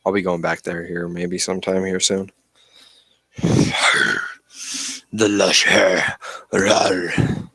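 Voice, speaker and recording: Man, deep dry voice, rambling casual streamer, fidgety and eccentric. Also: a bit bright, dry recording. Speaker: livestream host. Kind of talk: casual chat. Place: indoors at home with plants.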